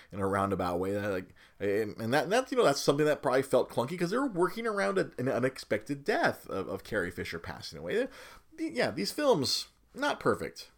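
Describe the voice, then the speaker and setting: A man hosting a casual podcast, rambling with many restarts and chuckles. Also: fairly low pitch. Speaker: podcast host.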